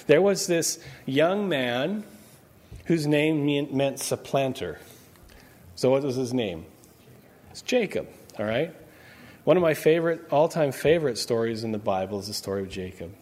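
A man's voice: mid-range voice, lively intonation, normal speed, darkish tone. A chatty man preaching a sermon. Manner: conversational preaching, quizzes the congregation with questions. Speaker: pastor.

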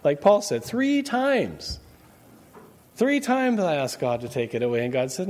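A man's voice: a little high, sing-song, a little slow, darkish tone. A man preaching a sermon in a conversational way, quizzing his congregation with questions as he goes. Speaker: pastor.

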